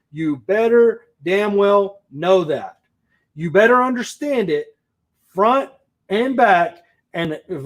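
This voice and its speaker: A man, a real estate investor, giving a blunt, profane opinion rant to camera with emphatic repetition. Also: high voice.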